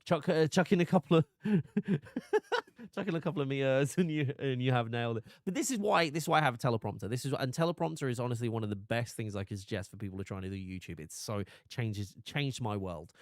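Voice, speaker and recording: Man, live streamer, casual chat, animated, self-correcting, very lively pitch. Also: fast, dry recording, clean studio sound. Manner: animated, restarts often, laughs a lot.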